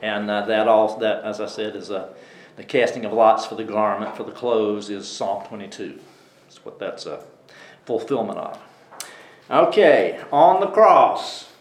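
A man with a lowish voice, lively intonation and measured pace teaches a Bible study class conversationally. In an echoey room, he keeps asking the class questions and restarts his sentences often.

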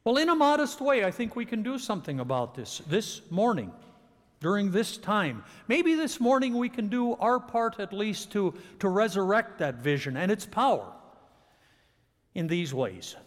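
A man's voice: sits high, big pitch swings, normal speed. A male pastor delivering a sermon, leading a prayer and then preaching with rising emphasis in a church. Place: church sanctuary. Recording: long church reverb.

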